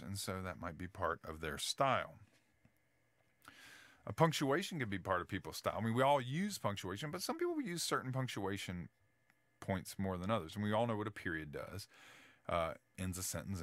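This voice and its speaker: A man's voice: on the low side, a bit bright, dry recording. A male teacher giving a casual writing lecture, full of fillers and restarts, often checking in with "right?".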